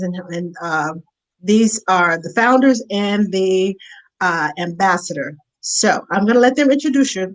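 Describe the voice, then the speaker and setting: A woman hosting an online video call show, chatty and quick to laugh. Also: medium pitch, a bit bright, poor audio. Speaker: host. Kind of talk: casual online chat.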